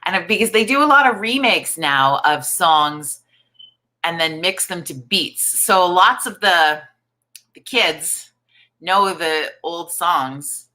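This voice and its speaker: A woman in her forties hosts a live online coffee chat, croaky from the morning. Her voice sits low, yet it is bright and forceful, and she chats along in an upbeat way. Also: expressive, slow pace. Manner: chatty, upbeat, reads viewer comments aloud. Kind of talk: casual live-stream chat.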